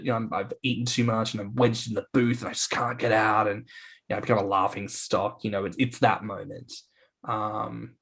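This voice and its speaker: A man co-hosting a podcast, telling stories in a playful, animated way with quick mock voices. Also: lowish voice. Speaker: podcast co-host. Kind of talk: casual chat.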